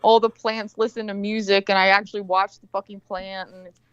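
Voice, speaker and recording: A woman's voice: mid-range voice, level tone, a little fast, clear, resonant tone, dry recording. Woman guest, casual video-call chat, nonstop cursing storyteller; dull, dry line. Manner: swears constantly, rambling storyteller.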